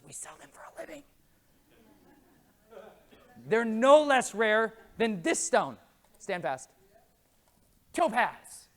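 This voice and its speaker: Animated male preacher with a swooping voice. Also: high-pitched. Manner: lively, jokey, acts out quoted voices. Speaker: conference speaker. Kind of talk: animated faith talk with storytelling. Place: conference room before a live audience.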